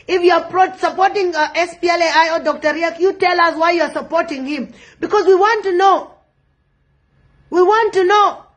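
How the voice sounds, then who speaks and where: Impassioned high-voiced South Sudanese woman. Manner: impassioned, repeating phrases for emphasis. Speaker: online commentator. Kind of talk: political commentary monologue.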